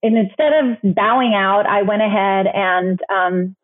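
A woman's voice: medium pitch, measured pace. A middle-aged woman, an interview guest, telling a personal story candidly with many restarts and fillers. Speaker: guest, author. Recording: phone-like remote line.

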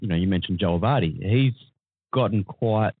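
A man's voice: low voice, normal speed, slightly rough, dry recording. A man co-hosting a casual podcast, asking loose conversational questions. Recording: dry, phone-like sound.

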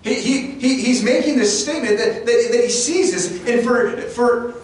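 A man with a very high voice preaches earnestly as pastor at a moderate pace, repeatedly restarting and stumbling over words. He is in a church sanctuary, recorded from a distance in an echoey room with faint noise.

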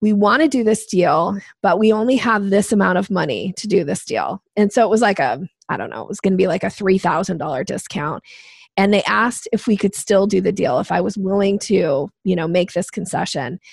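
Animated woman telling a sales story. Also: medium pitch, brisk, vocal fry, breathy edge, no room sound. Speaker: guest. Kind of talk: storytelling in a podcast interview.

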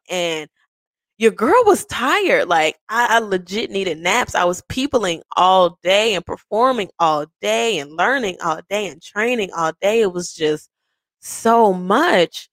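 A woman in her thirties hosting a podcast, telling a personal story in a candid, profane, animated way. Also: fairly low pitch, no echo. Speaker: podcast host. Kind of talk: casual storytelling.

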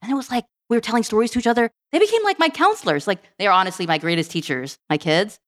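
A woman guest on a podcast, telling stories in a casual, animated way and acting out bits of dialogue. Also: mid-range voice. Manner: animated, quick, acts out dialogue. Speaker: podcast guest, tech program director. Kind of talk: casual storytelling.

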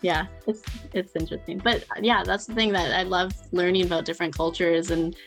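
A woman's voice: on the low side, fairly even intonation, fairly quick, faint music behind. A young woman with a Canadian accent, a podcast guest chatting casually and laughing often. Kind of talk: casual chat.

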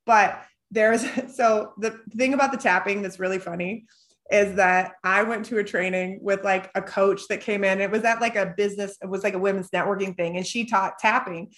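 A woman's voice: mid-range voice, normal speed. A middle-aged woman therapist who co-hosts a group Q&A, chatting and telling stories with frequent laughter. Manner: chatty, animated storyteller, laughs often. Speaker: podcast co-host and business coach for therapists. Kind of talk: casual group Q&A chat.

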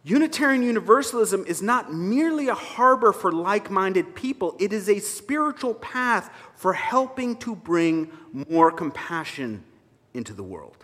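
A man's voice: high voice, sing-song, moderate pace, fairly bright tone. A man preaching a sermon as a minister, conversational and emphatic, with wry asides to his congregation. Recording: reverberant hall sound.

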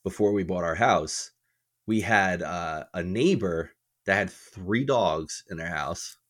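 A man's voice: low-pitched, slow pace, fairly bright tone. A man chatting casually on a podcast, laughing often and swearing offhand. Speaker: podcast co-host. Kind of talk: casual chat.

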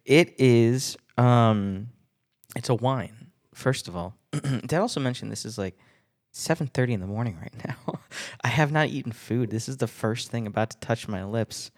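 A man's voice: medium pitch, moderate pace, darkish tone. A man hosting a casual solo podcast, rambling and self-deprecating, laughing often between thoughts. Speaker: podcast host.

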